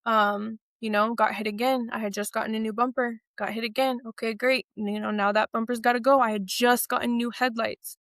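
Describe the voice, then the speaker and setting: A young adult woman, an interview guest, telling stories in a lively casual way and acting out what people said. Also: on the high side, a little fast, hardly any pauses, no room sound, studio quality. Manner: animated, acts out quotes with laughs.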